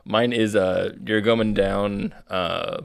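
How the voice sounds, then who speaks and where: A man co-hosting a casual comedy podcast, telling a story in a rambling, halting way full of fillers. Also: lowish voice, fairly even intonation, creaky, clean tone. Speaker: podcast co-host.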